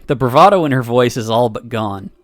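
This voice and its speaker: A man streaming, reading a visual novel aloud with expressive narration and laughing asides. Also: mid-range voice, brisk, dry recording.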